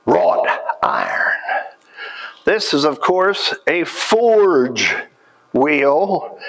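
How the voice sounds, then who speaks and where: A man working as a living history interpreter, giving a folksy, animated storytelling lesson at a historic forge site. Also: on the high side, low-quality recording.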